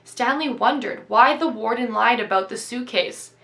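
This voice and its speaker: Woman storyteller, bright and crisp, reading aloud with steady expression. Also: on the high side, moderate pace. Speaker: reader.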